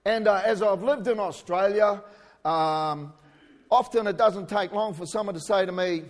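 A man from New Zealand with a New Zealand accent, preaching a sermon in a conversational way with joking asides and shouted emphasis. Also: high-pitched, moderate pace. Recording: hall reverb.

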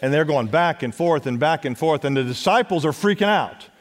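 A man preaching a sermon as pastor, urging his congregation to respond and dropping at times to a hush. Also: fairly high pitch, animated, a little fast. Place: church sanctuary. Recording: long church hall reverb.

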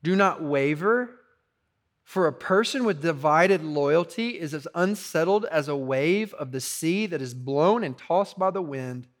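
A male preacher delivers his sermon with an easygoing, conversational urgency, often dropping in "like" and "you know". His voice sits fairly high for a man. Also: animated, a little slow. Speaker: pastor.

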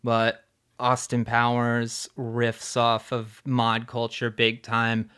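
A man co-hosting a music podcast in relaxed, jokey conversation. He talks slowly and unhurriedly. His voice is smooth and clear, and his pitch sits in a middle range. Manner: relaxed, jokey, enthusiastic about bands. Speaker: podcast co-host. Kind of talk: casual music chat.

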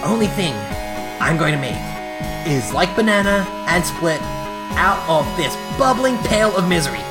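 A woman reading as a deadpan cool teen boy. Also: lowish voice, normal speed, over loud music, natural voice. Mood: sardonic. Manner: flat, swearing sarcasm. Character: deadpan cool teenage boy, irritable and sardonic. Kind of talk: reading a webcomic aloud in roles.

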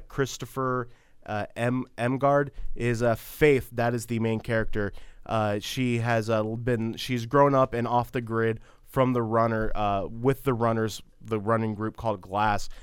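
A man co-hosting a casual podcast chat, talking in a halting, rambling way with lots of fillers and restarts. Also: mid-range voice, smooth, no echo, studio quality. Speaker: podcast co-host.

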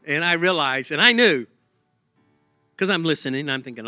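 Male preacher, bright sharp tone, self-mocking storyteller, dry close sound. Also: on the high side, expressive, normal speed, no echo, faint music behind. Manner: self-deprecating storytelling with restarts. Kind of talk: sermon with personal story.

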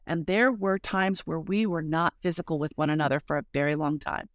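A woman's voice: low-pitched, brisk, no echo, clean studio sound. A middle-aged woman speaking as a guest, telling a personal story in an earnest, heartfelt way with frequent fillers. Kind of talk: casual conversational testimony.

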